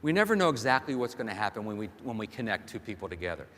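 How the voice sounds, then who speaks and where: A man's voice: on the low side, very animated, racing, a bit bright, a little hiss or hum. Motivational speaker man on a reverberant stage. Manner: storytelling with rhetorical questions to the audience. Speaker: keynote speaker. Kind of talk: motivational keynote speech. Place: large hall stage before a big audience. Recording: long hall reverb from a stage.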